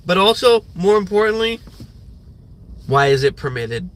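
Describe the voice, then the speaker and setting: A man's voice: sits high, very animated, measured pace, pauses often. A young man streaming a rambling morning rant, full of fillers and swearing. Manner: rambling, profane, filler-heavy. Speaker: livestreamer.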